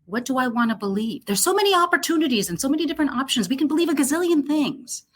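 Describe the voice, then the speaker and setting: A woman's voice: high voice, very animated, fast talker. A woman interviewed as a guest, talking thoughtfully and searching for her words with many fillers. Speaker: chief talent officer, guest. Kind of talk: conversational interview.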